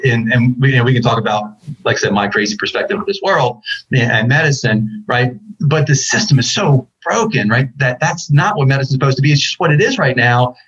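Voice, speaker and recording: Male physician on a panel, emphatic, rapid delivery, slightly husky, lo-fi sound. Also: medium pitch, expressive, fairly bright tone. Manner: emphatic, frequent "right?" tags and restarts. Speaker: physician leader. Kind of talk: panel discussion.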